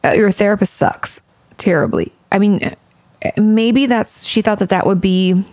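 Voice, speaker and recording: A woman's voice: mid-range voice, lively intonation, normal speed, darkish tone, no echo. A woman therapist hosting a casual advice podcast, chatty and frank, with plenty of fillers and casual swearing.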